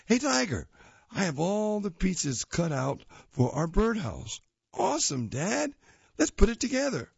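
A man voicing an excitable young boy from a comic strip in a high, eager voice. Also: a little slow, vocal fry, slightly rough, no echo, muffled recording, exaggerated voice. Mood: excited.

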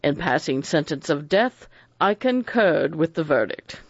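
A man's voice: on the high side, big pitch swings, dry recording, highs cut off, heavily acted. A man voicing a precise, cold elderly judge who chooses his words with care. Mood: cold, deliberate. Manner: measured, picks words with care.

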